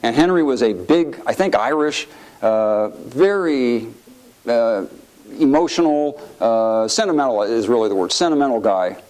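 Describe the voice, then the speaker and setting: Speaking at a measured pace in a medium-pitched voice, a middle-aged man who once served in Congress shares anecdotes with an audience. He's a lively storyteller, raising his voice to act out quotes, and the recording quality is low.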